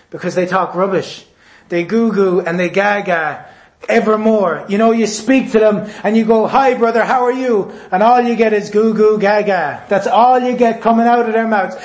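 High-voiced man preaching in echoey room. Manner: forceful, repetitive, mimics voices. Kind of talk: sermon. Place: church hall.

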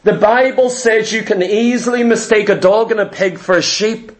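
A man preaching a sermon, emphatic, firing rhetorical questions and slowing down on key words. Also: sits high. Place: church.

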